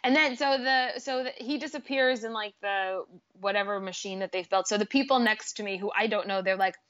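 A woman in casual chat, relaxed and agreeable, often filling with "like". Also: medium pitch, a little fast. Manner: relaxed, agreeable, lots of "like" fillers. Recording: dull lo-fi audio.

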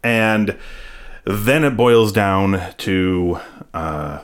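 Speaking extremely slowly, a man with a notably deep, low voice walks through an episode during a laid-back podcast conversation. He rambles, leaning on fillers and tossing in playful asides as he recaps.

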